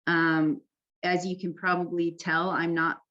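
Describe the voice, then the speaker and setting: Low-voiced woman teaching informally. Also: little pitch movement, fairly bright tone, highs cut off. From California, US. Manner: conversational, frequent "right?" and "um", deliberately informal. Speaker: peer educator workshop presenter.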